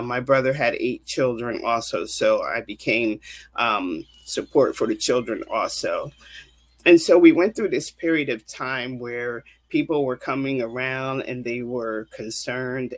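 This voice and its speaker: A woman's voice: very deep voice, a little slow. A woman counselor telling a personal faith testimony in an earnest, vivid storytelling manner. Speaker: counselor and guest.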